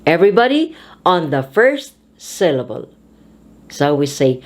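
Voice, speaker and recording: A woman speech teacher giving a pronunciation lesson, saying each phrase slowly and deliberately and repeating it twice. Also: deep voice, big pitch swings.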